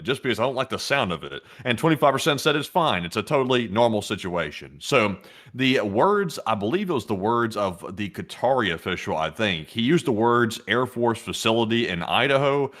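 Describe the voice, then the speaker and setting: Man, co-host, low pitched, expressive up and down, casual poll rundown. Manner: conversational, reads out poll results, frequent uh fillers. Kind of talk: casual news discussion.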